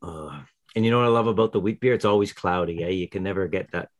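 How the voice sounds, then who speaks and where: A man's voice: low voice, quick pace. A man co-hosting a casual podcast, easygoing and chatty, with light teasing. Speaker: podcast co-host.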